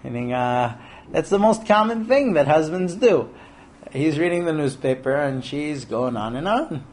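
A man leading a Torah class, talking with a somewhat high voice. He is lively and animated, slipping into the voices of the people he quotes and throwing rhetorical questions at his listeners. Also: a little slow. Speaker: rabbi teaching a Torah class. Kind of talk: lecture to a class of men.

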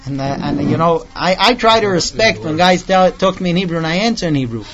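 A man teaching a casual Torah class to a small group, quickly reading out Hebrew text and then explaining it with stories. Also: on the high side, highs cut off. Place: room with a small group of listeners.

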